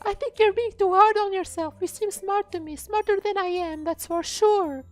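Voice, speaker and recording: A man voicing a clingy, sweet female kraken monster girl in an eager, doting falsetto while reading a game's dialogue. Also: fairly even intonation, normal speed, no echo, faint music behind. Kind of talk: reading game dialogue aloud.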